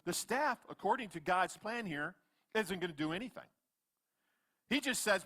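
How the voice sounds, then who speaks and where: A man in his fifties, a pastor preaching a sermon in church, swinging between loud animated retellings and quiet asides. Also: sits high, moderate pace, pauses often. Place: church sanctuary.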